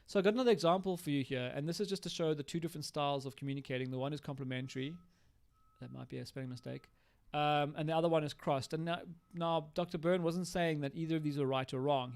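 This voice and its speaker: Male teacher on a live stream, gravelly voice, explanatory and hands-on with examples. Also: on the high side. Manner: explanatory, acts out example lines. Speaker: recovery educator.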